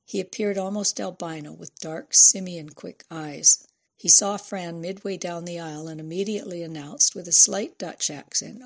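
A woman reads a novel aloud in a measured, descriptive audiobook style. Her voice is low and husky, with a gravelly fry at the ends of phrases. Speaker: narrator. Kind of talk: audiobook narration.

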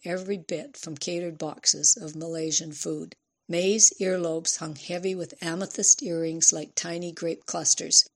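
Gravelly woman narrating an audiobook. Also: low-pitched.

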